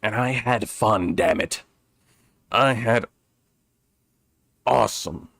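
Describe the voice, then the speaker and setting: A man's voice: on the low side, slow, creaky, fairly bright tone, no echo, clean studio sound. A male streamer chatting casually during a game, rambling with restarts and frequent chuckles. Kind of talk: casual let's-play chat.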